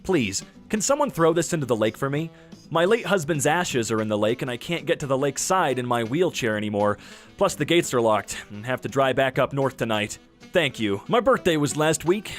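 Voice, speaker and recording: A young man reads posts aloud and reacts with playful, wisecracking asides. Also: fairly high pitch. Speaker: YouTuber reading Reddit posts.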